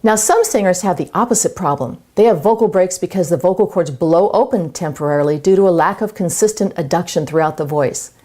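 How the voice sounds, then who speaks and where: A woman vocal coach explaining voice breaks in a clear, measured way and demonstrating singing exercises. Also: on the low side, mellow. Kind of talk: instructional voice lesson.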